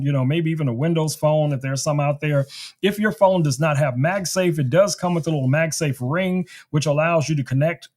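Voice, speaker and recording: A man's voice: fairly high pitch, darkish tone. A man hosting a casual tech live stream, chatting, laughing often and demoing a gadget.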